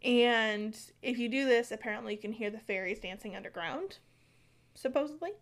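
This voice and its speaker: A woman's voice: fairly high pitch, moderate pace. An American woman co-hosting a podcast, chatting casually about folklore with lots of fillers and some stumbling. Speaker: podcast co-host.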